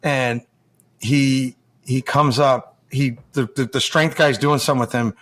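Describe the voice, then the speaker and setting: A man's voice: mid-range voice, fairly even intonation, a little slow, fairly bright tone. An American man, a former hockey player, telling long stories in a rambling way, with many restarts and acted-out quotes. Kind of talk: casual storytelling.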